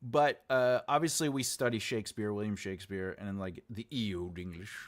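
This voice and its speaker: A man's voice: on the low side, fairly quick. A man from the United States hosting his channel as an author, rambling casually and repeating his phrases as he talks to viewers. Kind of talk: casual livestream chat.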